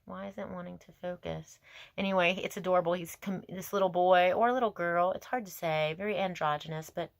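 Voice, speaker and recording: A woman's voice: lowish voice, fairly even intonation, a little fast, creaky, no room sound, studio quality. A woman giving a casual tarot reading to camera outdoors, gushing and emotional, laughing and musing aloud to herself. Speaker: tarot reader.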